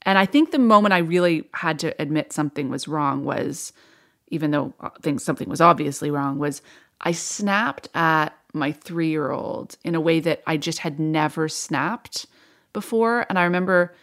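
A woman with a lowish voice tells her own story as a radio interview guest. She speaks frankly and reflectively, with a dry, wry edge. The telling is unhurried and personal. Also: a bit bright.

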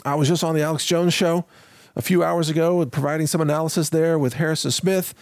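A man's voice: on the high side, fairly even intonation, fairly quick, no room sound, studio quality. A male show host giving assertive commentary.

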